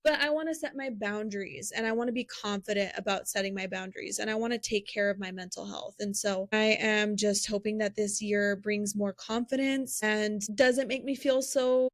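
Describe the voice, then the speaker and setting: A woman's voice: mid-range voice, fairly even intonation, normal speed, hardly any pauses, no echo. A young adult woman co-hosting a casual podcast chat, earnest and upbeat, laughing easily. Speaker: podcast co-host.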